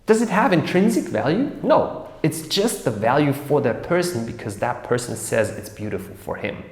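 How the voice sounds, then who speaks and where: A man talks through an explainer with an animated, swinging pitch, acting out small scenes as he goes. His voice rings in a roomy space with a long, trailing reverb. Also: normal speed. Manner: animated, acts out little scenes in different voices. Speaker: explainer host of an educational series. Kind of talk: casual explainer talk to camera. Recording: echoey room with long reverb.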